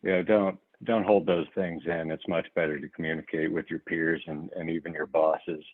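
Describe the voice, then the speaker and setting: A deep-voiced man with a Southern US accent shares his thoughts in an online workshop. He talks earnestly and haltingly, repeating words as he goes. His voice comes through a tinny, phone-like video call line that sounds dry and close. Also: level tone, no echo. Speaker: workshop participant. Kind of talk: casual sharing in an online workshop.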